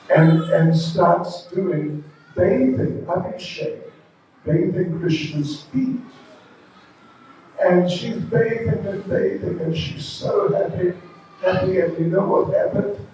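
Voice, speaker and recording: A monk tells a devotional story slowly and casually, stopping for asides. His voice is high for a man and mellow. He is heard from a distance in a very echoey temple hall with a faint hum. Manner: slow, conversational storytelling with asides. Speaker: visiting monk preacher. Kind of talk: storytelling sermon.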